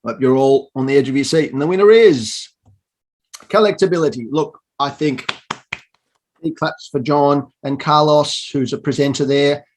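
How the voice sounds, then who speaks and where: A man's voice: medium pitch, level tone, unhurried. Dry-humored man presenting a podcast award. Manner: dry self-mocking humor. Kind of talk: tongue-in-cheek awards hosting.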